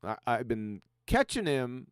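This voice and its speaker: Smooth-voiced man hosting a casual chat. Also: medium pitch, big pitch swings, a little slow, no room sound, studio quality. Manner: easygoing, chuckling, with stumbling restarts. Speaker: livestream host.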